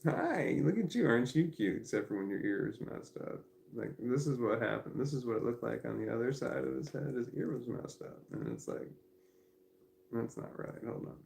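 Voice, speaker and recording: A man's voice: mid-range voice, normal speed, vocal fry, darkish tone, roomy sound. A man chatting casually at home in a meandering, stammering way, talking to his dog and reading messages aloud. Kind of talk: rambling casual livestream chat. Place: at home indoors.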